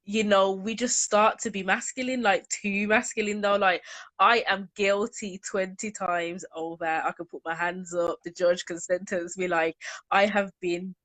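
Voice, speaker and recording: A woman's voice: mid-range voice, measured pace, dry recording. A young woman guest talking frankly and animatedly in a casual chat. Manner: frank, animated, self-deprecating.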